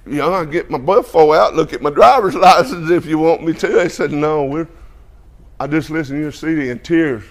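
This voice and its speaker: Preacher guy telling his testimony, kinda high voice, throws in amen every other line. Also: moderate pace. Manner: folksy, peppers speech with "amen" and "hallelujah". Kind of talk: sermon testimony to a congregation.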